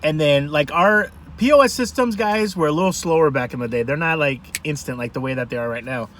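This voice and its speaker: A man food vlogger telling a rambling, animated story to camera from a parked car. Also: a little high, brisk, slight background noise. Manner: rambling, animated, self-interrupting.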